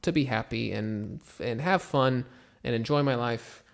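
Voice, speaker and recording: Gravelly young man teaching English. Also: mid-range voice. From United States. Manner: relaxed, slow repetitions of example phrases, mixes in Turkish. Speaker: English teacher answering live chat. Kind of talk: casual live stream lesson.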